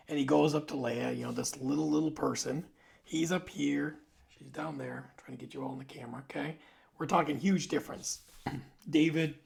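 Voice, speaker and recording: A man in his forties hosts a casual, rambling monologue. His voice is heavily gravelly, with a mid-range pitch. He now and then drops into soft asides. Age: 40s. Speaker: video host.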